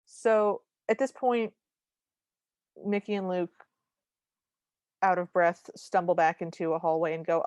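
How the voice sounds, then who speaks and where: A woman with a somewhat low voice co-hosts a casual podcast and walks through a movie plot with wry, joking asides. The sound is dry and close, with no room around it. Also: measured pace, pauses often, darkish tone, dry recording, muffled recording. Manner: wry, conversational storytelling with humorous asides. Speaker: podcast co-host. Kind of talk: casual movie recap chat.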